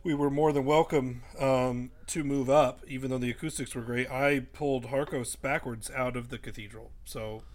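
A man's voice: mid-range voice, steady tone, normal speed, hardly any pauses. A man playing a tabletop game, joking around and stumbling over restarts. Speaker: player. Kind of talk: casual tabletop game chat.

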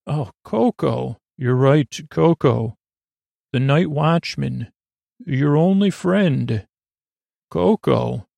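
A man voicing a gentle, dreamy male janitor who frets and repeats himself. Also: a little high, animated, drawn-out words, vocal fry, dry recording, exaggerated voice. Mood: tender. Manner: fretful, repeating a name.

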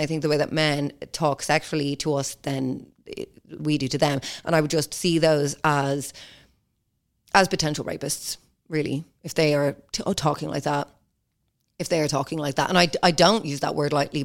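A woman's voice: deep voice, fairly even intonation, normal speed. A young woman hosting a podcast in casual, blunt, sweary chat, acting out quotes in mocking voices. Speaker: podcast host.

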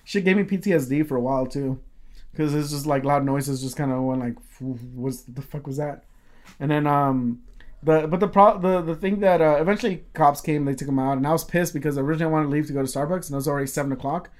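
A man's voice: fairly high pitch, fast, darkish tone. A man telling a story in casual chat, rambling with lots of fillers and swearing freely.

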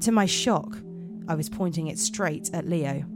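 Woman host, lowish voice, put-on American accent, dramatic horror reading, music behind. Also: a little slow. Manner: dramatic, giggly reading with slips. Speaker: podcast host and storyteller. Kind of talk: reading horror stories aloud.

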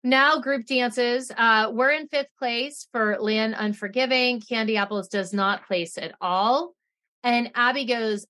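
A woman's voice: a little high, takes it slowly, bright, forceful tone. A young woman co-hosts a podcast in loose, casual chat. She talks bluntly, drops swear words and laughs easily as she recaps. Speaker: podcast co-host.

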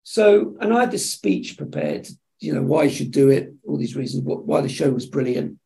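Animated man telling stories. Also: mid-range voice, moderate pace, vocal fry. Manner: animated storyteller acting out dialogue. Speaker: television executive, podcast guest. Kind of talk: anecdotal interview chat.

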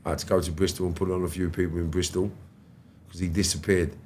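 A middle-aged man, telling animated stories as a podcast guest and swearing freely. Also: low-pitched, quick pace, a little hiss or hum. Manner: animated, swears freely, acts out quoted dialogue. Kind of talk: storytelling interview chat.

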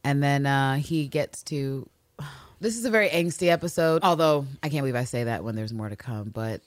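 Low-voiced woman, animated and profane. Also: normal speed, no room sound. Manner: animated, profane, acts out characters' lines with big pitch jumps. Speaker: podcast co-host. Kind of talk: casual recap chat.

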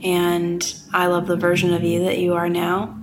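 A woman podcast host speaking in a warm, measured, affirming way during a casual, heartfelt conversation. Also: on the low side, monotone, background noise.

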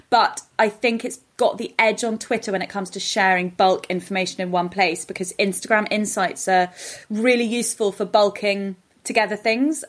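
A woman from Denmark co-hosting a podcast, chatting in a wry, opinionated way, recorded remotely from home. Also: fairly low pitch. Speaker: podcast co-host. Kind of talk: casual chat.

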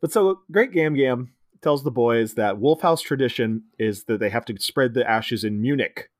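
A man's voice: medium pitch, moderate pace, no echo, clean studio sound. A man co-hosting a podcast, animatedly retelling a film scene by scene and acting out quotes in silly voices. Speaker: podcast co-host. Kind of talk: casual movie recap chat.

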